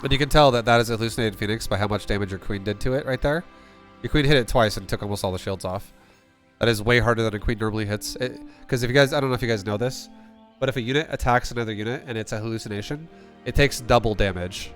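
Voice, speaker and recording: A man's voice: fairly low pitch, quick pace, soft background music. A man coaching a player through a game replay, blunt and rambling, swearing often and restarting sentences. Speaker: StarCraft coach. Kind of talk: casual replay coaching with profanity.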